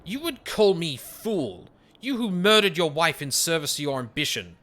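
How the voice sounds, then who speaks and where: A man reading game dialogue aloud as an agitated young male scholar, pitching his voice up and speaking in a strained, accusing way. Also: very animated, moderate pace, a bit bright. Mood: bitter. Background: game music.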